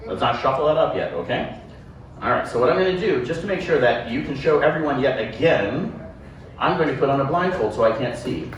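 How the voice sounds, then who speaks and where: Joking sideshow performer in an echoey hall. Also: male voice, medium pitch, animated, a little fast. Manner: joking, self-deprecating, rambling patter. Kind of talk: live stage patter with a volunteer. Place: live show venue with audience. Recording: echoey room, distant mic, background noise.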